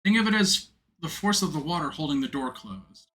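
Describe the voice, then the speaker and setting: Male streamer reading a steady, practical young woman detective in a game, bright lively voice. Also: on the high side, fairly quick. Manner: calm, explanatory.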